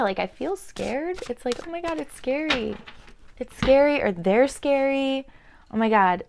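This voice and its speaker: A woman's voice: medium pitch, darkish tone, slight background noise. Chatty woman reading oracle cards. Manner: chatty, meandering, with fillers and laughs. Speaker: tarot and oracle card reader. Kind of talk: intuitive card reading to camera.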